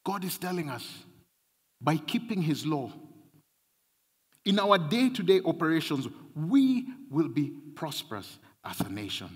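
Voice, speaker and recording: Guy preaching, slow and breathy, lots of build-up and repeats, echoey church. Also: a little high, very animated. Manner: emphatic, repeating phrases with rising and falling intensity. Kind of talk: sermon. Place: large church hall. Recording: long hall reverb.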